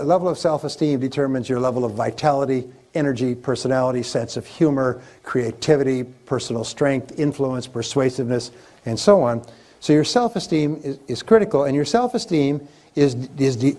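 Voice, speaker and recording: A man's voice: medium pitch, dark tone. A man speaking as a motivational speaker in a live seminar, repeating and building his points with lists and chanted phrases.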